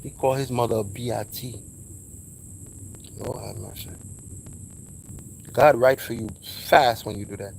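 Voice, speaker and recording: A man's voice: fairly quick, few pauses, slight background noise, poor audio. Emphatic New man preaching outdoors. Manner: preachy, emphatic, drops to low asides. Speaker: vlogger giving advice. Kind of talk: casual spoken monologue.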